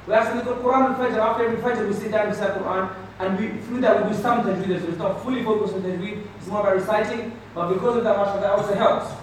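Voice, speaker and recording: A man teaching a tajweed class, drilling letters loudly for the students to repeat, then explaining softly. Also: high-pitched, steady tone, racing, hardly any pauses, a little hiss or hum. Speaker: Quran recitation teacher. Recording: echoey room from far off.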